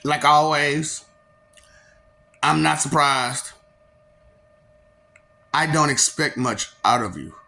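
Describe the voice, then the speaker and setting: A woman's voice: sits low, slow pace, vocal fry, long pauses, bright, forceful tone. A woman delivering a confrontational monologue in a taunting, mocking, preachy way.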